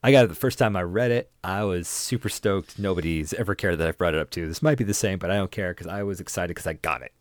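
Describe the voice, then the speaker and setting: A man's voice: low-pitched, fast, few pauses, no echo, clean studio sound. A man co-hosting a casual book podcast, talking in a playful, teasing way. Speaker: podcast co-host.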